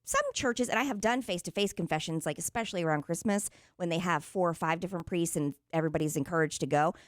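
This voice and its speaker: A woman's voice: on the low side, fast talker, dry recording, studio quality. Chatty Southern woman on morning radio. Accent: Southern American. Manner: chatty, rambling storytelling. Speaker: radio co-host. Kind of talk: casual morning radio chat.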